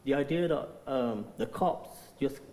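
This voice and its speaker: Hesitant interviewer, mellow voice. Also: male voice, medium pitch, measured pace. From England. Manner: hesitant, many "uh"s and "um"s. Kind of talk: conversational interview. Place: festival hall. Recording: hall reverb.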